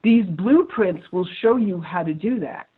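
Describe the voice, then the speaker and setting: An earnest, affirming woman guest talking on an interview. Her voice is breathy and husky. It comes through a tinny, narrow phone line. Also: lowish voice, lively intonation, unhurried. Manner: earnest, affirming, repeats herself. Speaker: guest, psychic medium and coach. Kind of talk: enthusiastic interview talk.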